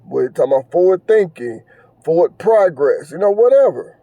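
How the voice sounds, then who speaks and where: A man's voice: sits high, big pitch swings, normal speed, no room sound, phone-quality sound. A man hosting a podcast, talking on his own in a casual, earnest and preachy way, repeating phrases and stumbling over fillers. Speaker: podcast host. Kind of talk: casual monologue commentary.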